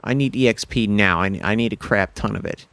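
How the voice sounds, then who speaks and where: A man casually commenting on his own video game play, excitable and self-mocking, yelping when surprised. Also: fairly low pitch, a little fast, gravelly, slight background noise. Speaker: gaming YouTuber.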